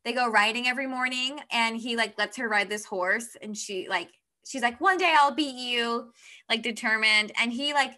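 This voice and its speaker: A young woman in casual book chat, recapping a story in an animated way with lots of filler words. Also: fairly high pitch, normal speed, few pauses.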